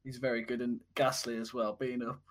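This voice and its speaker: A man chatting on a casual podcast, rambling and repeating himself, getting loud when he jokes. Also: mid-range voice, flat delivery, a little fast. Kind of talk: casual chat.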